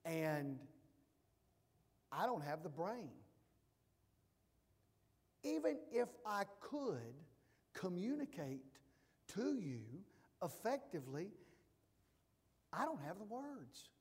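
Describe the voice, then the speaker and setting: A man preaches with a fairly high voice, moving between quiet, thoughtful asides and loud, emphatic declarations. His delivery is slow and deliberate. The sound rings with a long reverb, as in a large church sanctuary. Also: sing-song, slightly rough. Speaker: pastor. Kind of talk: sermon.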